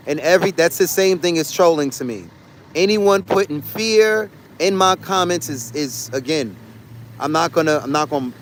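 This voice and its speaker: A man with a somewhat high-pitched voice speaks in a casual livestream. He rants bluntly to his chat, swearing freely and hammering his points through repetition. He talks from a car or the street in a city. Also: slight background noise. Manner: blunt, profane, repetitive and emphatic. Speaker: livestreaming traveler talking to chat.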